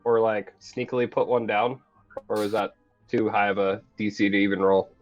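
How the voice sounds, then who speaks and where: A man's voice: on the low side, fairly even intonation, moderate pace, muffled recording, faint music behind. A man playing a tabletop game, joking and casual, with some swearing. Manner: joking, profane. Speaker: player.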